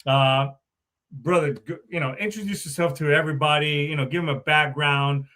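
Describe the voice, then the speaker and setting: A man's voice: on the high side, steady tone, moderate pace, bright, forceful tone. A man hosting a veterans podcast, talking in a profane, rambling, jokey way with a Southern accent. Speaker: podcast host. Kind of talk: casual podcast chat.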